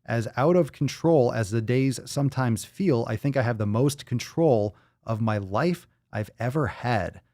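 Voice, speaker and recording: A man's voice: medium pitch, unhurried, few pauses, dark tone, no echo, studio quality. A man hosting a casual livestream podcast, reading viewer posts aloud in a loose, profane manner that swings between hype and mumbling. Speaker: podcast host.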